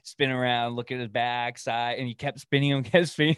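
A man's voice: mid-range voice, fast, hardly any pauses, fairly bright tone, clean tone, no room sound, studio quality. A young man from Oregon hosting a solo podcast, ranting in a profane, rambling way and laughing at his own stories. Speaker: podcast host. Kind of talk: casual solo rant.

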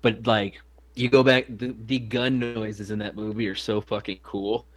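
A man's voice: lowish voice, little pitch movement, normal speed, faint music behind. A man co-hosting a podcast in casual chat, rambling with many restarts and some swearing. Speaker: podcast co-host.

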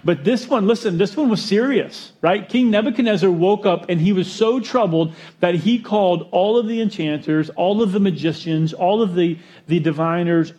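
Animated man preaching a sermon. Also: high voice. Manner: storytelling, animated with jokes and acted-out quotes. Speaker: pastor.

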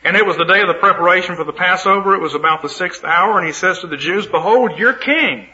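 Bright-voiced male preacher on old radio. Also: sits high, fairly even intonation, fast, lo-fi sound. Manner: emphatic, dramatic retelling of scripture. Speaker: Bible teacher. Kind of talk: sermon reading scripture with commentary.

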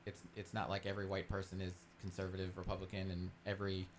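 Easygoing low-voiced man on talk radio. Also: monotone, fast talker, slight background noise. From United States. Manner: easygoing, rambling, hedging. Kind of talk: casual talk radio chat.

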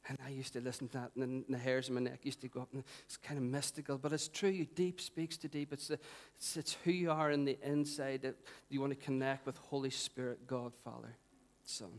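A middle-aged man preaching a sermon, conversational and animated, putting questions to the congregation. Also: medium pitch, a little fast, few pauses. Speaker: pastor.

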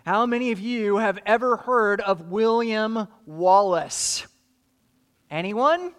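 A man's voice: high voice, fairly even intonation, slow, clean tone, big-room sound. A man preaching a sermon as pastor, joking dryly in asides and then stacking earnest rhetorical questions.

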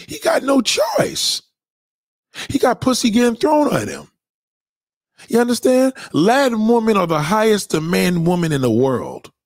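A man's voice: high voice, husky, no room sound, clean studio sound. A man hosting a livestream, ranting in a crude, profane, emphatic and repetitive way. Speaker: livestream host. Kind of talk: unscripted livestream rant.

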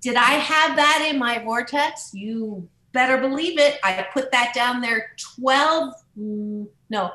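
A woman author and motivational speaker in an interview, telling stories in an upbeat, animated way and swooping up into high voices. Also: takes it slowly, few pauses, roomy sound, poor audio. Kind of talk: podcast interview.

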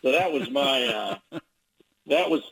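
Husky male sports reporter on radio, meandering anecdotes. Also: mid-range voice, expressive, takes it slowly, fairly bright tone, poor audio. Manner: rambling storyteller with restarts. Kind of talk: radio interview guest.

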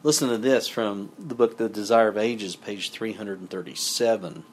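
A man's voice: lowish voice, normal speed, a little hiss or hum. A man giving a sermon, reading scripture passages aloud and then explaining them in a conversational way with asides to his listeners. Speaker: preacher.

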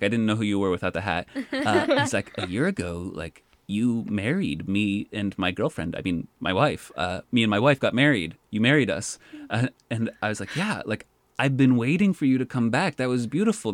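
A man who works as a park poet, telling stories in a casual, animated way and filling his speech with "like". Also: on the low side, dry recording. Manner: animated, says "like" often. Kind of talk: casual storytelling.

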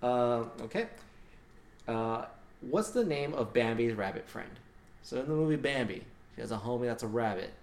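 A man's voice: medium pitch, animated, normal speed, a little mellow. A man hosting a casual quiz among friends, laid-back and cursing offhand. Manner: laid-back, swears casually, laughs while asking. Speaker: quiz host. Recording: echoey room, faint noise.

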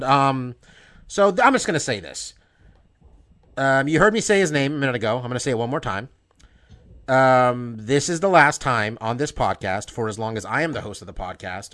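Male podcast host, fired up, profane, bright forceful tone, stumbles and restarts. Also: medium pitch. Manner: emphatic, profane, with many restarts. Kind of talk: heated podcast monologue.

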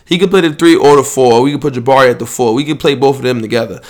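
A man's voice: mid-range voice, racing. A young man, hosting a podcast and rambling loosely and profanely in casual sports chat. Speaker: podcast host.

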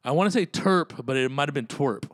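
A man's voice: medium pitch, animated, fairly quick, no room sound, studio quality. Profane rambling man on a podcast. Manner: profane, rambling, laughs often, slips into voices. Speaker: comedian podcast host. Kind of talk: casual rambling podcast monologue.

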